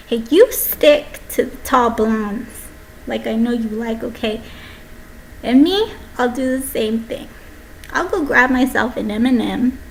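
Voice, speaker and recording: A young woman delivering a rambling, brash comedy monologue, swinging between loud outbursts and hushed asides. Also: fairly high pitch, gravelly, a little hiss or hum, low-quality recording. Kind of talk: stand-up monologue.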